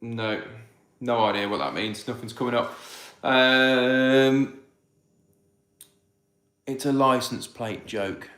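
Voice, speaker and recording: A man answers viewer questions live. His voice sits at an ordinary pitch, and he talks in loose, rambling bursts full of restarts that turn into heated rants. The sound bounces around a roomy, echoey space. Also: slow, long pauses, fairly bright tone. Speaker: farmer hosting viewer Q&A. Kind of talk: casual livestream chat reading viewer questions.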